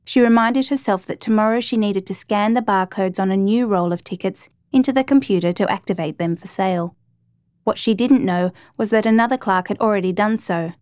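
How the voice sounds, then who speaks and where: A woman narrating a true crime story in a steady, measured reading voice. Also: medium pitch, no room sound, studio quality.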